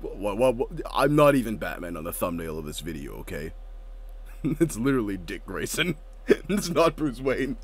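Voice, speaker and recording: A man in casual chat, animated and laughing often, swearing freely, recorded with lo-fi home mic audio. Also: on the low side, moderate pace. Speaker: co-host.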